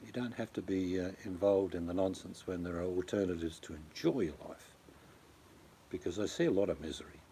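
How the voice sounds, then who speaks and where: A man's voice: deep voice, a little fast, warm tone, a little hiss or hum. An Australian man chatting casually on a livestream, rambling and blunt, talking to viewers by name. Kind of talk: casual chat.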